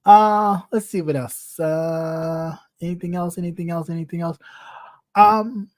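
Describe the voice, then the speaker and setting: Brief: gossip commentator, middle-pitched, blunt and cussing, teasing tone, close dry mic. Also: steady tone, measured pace, darkish tone, no room sound. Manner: blunt, profane and teasing, laughs often. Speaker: online commentator.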